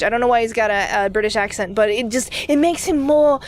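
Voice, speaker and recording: Giggly high-voiced woman playing a game. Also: a little fast, few pauses. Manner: chatty, giggly, wry asides. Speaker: game commentator. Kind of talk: let's play commentary.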